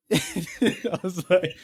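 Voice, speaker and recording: A man's voice: high voice, wildly swooping pitch, drawn-out words, husky. A young man, a podcast guest, telling casual stories, swearing freely and laughing as he talks. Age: young adult. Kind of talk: casual storytelling.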